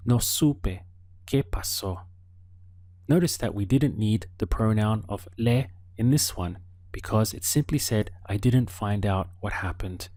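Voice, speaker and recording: A man leads an audio language lesson at an unhurried, careful pace, giving the listener room to answer. His voice sits a little low. The recording is close and dry, with no room sound. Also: darkish tone, dry recording. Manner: slow, patient prompting with pauses for the learner. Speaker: language teacher.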